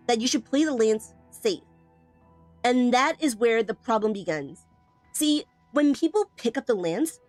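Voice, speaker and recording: A woman streams a tutorial on a game weapon, answering chat as she goes. She's playful and teasing, driving points home by repeating them emphatically, and her voice is a little high with a darkish tone.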